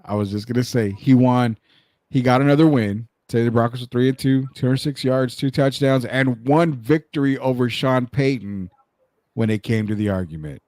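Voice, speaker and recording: A man co-hosting a sports talk show, animated, rattling off game stats and picks. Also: mid-range voice, moderate pace, no room sound, clean studio sound. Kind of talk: casual sports debate.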